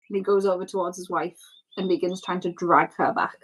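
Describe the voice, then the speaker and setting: A woman's voice: on the low side, steady tone, brisk, a little hiss or hum, rough recording. A woman game master narrating a tabletop role-play scene in a loose, descriptive way with many fillers.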